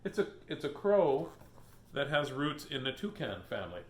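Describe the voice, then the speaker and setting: Playful male host reading to kids, animated and jokey, roomy sound. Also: medium pitch, normal speed. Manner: playful, joking asides and silly animal voices. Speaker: children's book reader. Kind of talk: reading a picture book aloud on video.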